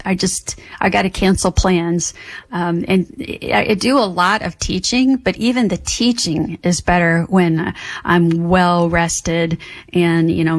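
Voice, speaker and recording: A woman with a low voice gives psychic readings to callers on a radio show. She talks in a gentle, earnest way and rambles a little as she reassures them. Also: no echo. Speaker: psychic guest.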